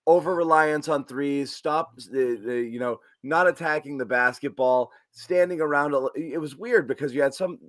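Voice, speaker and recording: Give me a man with a slightly high voice breaking down a game in a rambling, stop-start way. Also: moderate pace, hardly any pauses, a bit bright, no echo, clean studio sound. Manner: rambling, many restarts, downplaying. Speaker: postgame show co-host. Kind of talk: sports postgame analysis chat.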